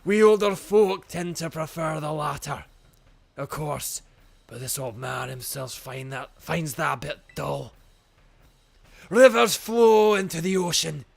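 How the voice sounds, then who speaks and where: A man voicing a boisterous old male gym leader and chef with a Scottish accent, reading game dialogue aloud in a hearty, drawn-out, folksy way. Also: fairly high pitch, creaky. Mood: proud.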